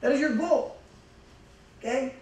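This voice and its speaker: A young youth pastor gives a casual, joking, emphatic sermon to teenagers in a church hall. His voice is extremely high, a little slow and a little mellow, recorded from far off in the echoey hall.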